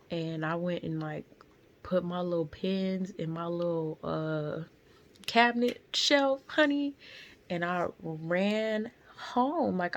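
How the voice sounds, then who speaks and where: A woman's voice: lowish voice, dull audio. A young woman telling a painful personal story in her car, candid and tearful, with lots of slang and fillers. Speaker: vlogger.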